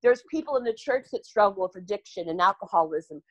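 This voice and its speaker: A woman's voice: medium pitch, expressive, a little fast, no room sound, poor audio. An older woman talking earnestly as a podcast guest, rambling and restarting her sentences as she speaks. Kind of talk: candid podcast conversation.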